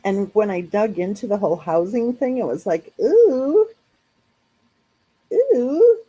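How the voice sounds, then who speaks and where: A woman's voice: medium pitch, brisk, warm tone, breathy edge, rough recording. A woman hosting a casual live chat, talking in a chatty, rambling way with lots of fillers. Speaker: true crime channel host.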